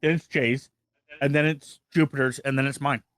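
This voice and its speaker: A man streaming a video game, chatting casually with friends in a relaxed, rambling way and correcting himself as he goes. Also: medium pitch, moderate pace, no room sound, studio quality. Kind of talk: casual let's-play chat.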